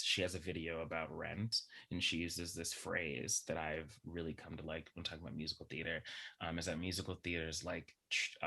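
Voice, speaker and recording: Young male podcast guest: low voice with a bright edge, animated and chatty, lots of "like"s. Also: vocal fry. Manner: animated, chatty, heavy use of filler words. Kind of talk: casual chat.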